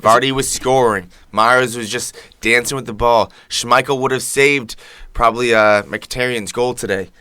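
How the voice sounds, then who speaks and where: A man with a bright, forceful voice, recorded dry with no room sound. He co-hosts a casual soccer podcast and talks bluntly, brushing off views he disagrees with. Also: mid-range voice, fairly even intonation, normal speed, hardly any pauses, clean tone, no echo. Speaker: podcast co-host. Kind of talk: casual sports chat.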